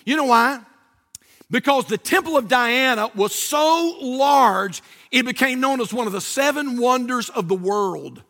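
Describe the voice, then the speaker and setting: Delivering his sermon, a male pastor with a very high-pitched voice leans on key words with slow, stretched-out emphasis and at times rises to shouting.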